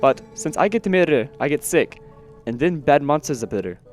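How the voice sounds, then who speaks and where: A man's voice: mid-range voice, expressive, brisk, soft background music, lightly acted. A man voicing a sick female yeti wife who speaks in broken English and ends lines with a questioning "huh?". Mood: feverish.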